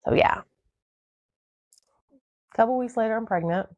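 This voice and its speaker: A woman's voice: a little high, moderate pace, a little mellow, dry recording, muffled recording. A young woman casually telling her own life story, candid and rambling, with many fillers. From southern United States.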